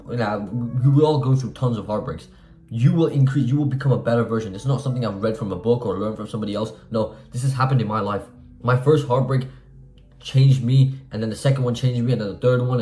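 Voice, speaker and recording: A man's voice: mid-range voice, a little mellow, echoey room. A man of twenty giving blunt, profane, emphatic self-improvement advice in a casual monologue. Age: 20s.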